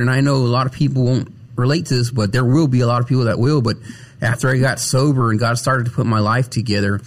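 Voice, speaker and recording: A man telling his personal faith testimony as an interview guest, earnest and often repeating words as he searches for them. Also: mid-range voice.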